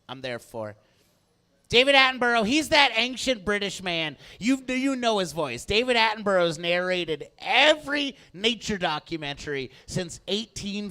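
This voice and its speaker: A male stand-up comedian works a club crowd through a handheld mic with animated energy, jumping between loud bursts and quiet asides. His voice is very high-pitched and bright, with a forceful edge.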